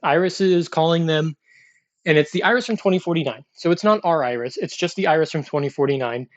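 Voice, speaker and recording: A man's voice: a little high, a little fast, highs cut off. A man casually recapping a TV episode in a chatty, loose way, with lots of fillers and restarts. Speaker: TV episode reviewer.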